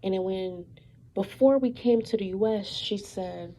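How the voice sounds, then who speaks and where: Young woman, casual monologue, accusing and emphatic; slow, gravelly, dark tone. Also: mid-range voice, a little hiss or hum, rough recording. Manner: animated, repetitive, emphatic with many fillers; suspicious, accusatory tone about her mother.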